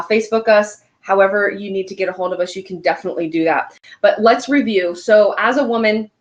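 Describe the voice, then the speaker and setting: A young woman talks to viewers on a live stream from home. She is chatty and upbeat, with a steady mid-range voice and lots of filler words between her points. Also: mid-range voice. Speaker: host. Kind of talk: casual live-stream chat.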